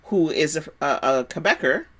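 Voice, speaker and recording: Low-voiced chatty woman co-host. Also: normal speed, breathy edge. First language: French speaker. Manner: chatty, animated, with frequent restarts. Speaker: podcast co-host. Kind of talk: casual chat about a soap opera.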